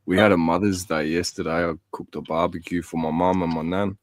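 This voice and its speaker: A man's voice: sits low, fairly even intonation, fairly quick, no room sound. An Australian man chatting casually, telling blunt, rambling stories and swearing freely. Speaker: guest. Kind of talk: casual chat.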